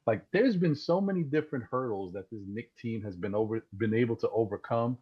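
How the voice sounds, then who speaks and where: A man calling in to a live sports talk show over a voice chat, talking excitedly and rambling, often repeating words as he restarts. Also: mid-range voice, fairly quick, breathy edge. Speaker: caller. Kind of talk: casual call-in sports talk. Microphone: Discord voice call. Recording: dull lo-fi call audio.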